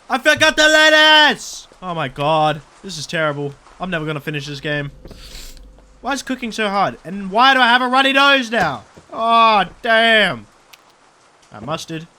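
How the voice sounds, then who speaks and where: A man's voice: sits high, pushed and bright. A man doing crude, joking let's-play commentary while he plays. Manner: crude, joking, swears a lot. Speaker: gaming YouTuber.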